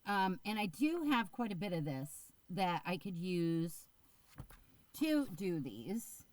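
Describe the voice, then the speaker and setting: A woman's voice: on the low side, sing-song, slow pace, a little mellow, rough recording. A middle-aged woman vlogging about her crochet in a casual, rambling way, with lots of ums and second thoughts. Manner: rambling, filler-heavy, chatty and unsure. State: getting the hiccups. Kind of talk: casual chat to camera.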